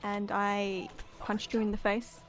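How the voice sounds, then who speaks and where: A woman's voice: medium pitch, monotone, slow. A woman playing in a tabletop game, chatting in a rambling, self-correcting way with frequent laughs. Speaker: player.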